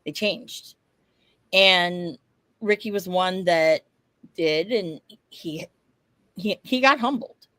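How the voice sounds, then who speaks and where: A woman co-hosting a podcast, telling a story in casual chat, animated, laughing often and swearing casually. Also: on the low side, slow, long pauses, no room sound. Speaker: podcast co-host.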